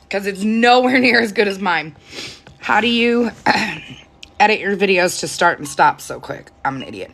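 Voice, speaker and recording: A chatty woman hosts a casual live stream from her phone at home. Her voice has a bright, forward tone, and she laughs often between stories. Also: medium pitch. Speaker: TikTok live host. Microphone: phone camera.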